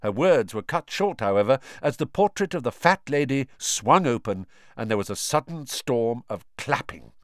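A man reads a storybook aloud with a lively, rising and falling voice. His sound is close and dry, with no room around it. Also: medium pitch, moderate pace, hardly any pauses, no room sound. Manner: expressive storytelling. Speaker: audiobook narrator. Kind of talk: scripted narration.

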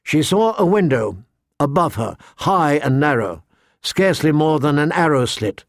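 A man reading a fantasy novel aloud as narrator, steady and shifting pace with the action. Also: fairly high pitch, a little slow, dry recording, clean studio sound. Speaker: audiobook narrator. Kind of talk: scripted narration.

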